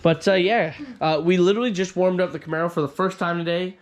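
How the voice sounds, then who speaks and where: Dude with a higher voice just rambling about car stuff in the garage, swears a bit, faint noise. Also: male voice, steady tone, quick pace. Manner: easygoing, rambling, swears casually. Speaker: co-host of a car garage channel. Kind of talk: casual chat. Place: home garage.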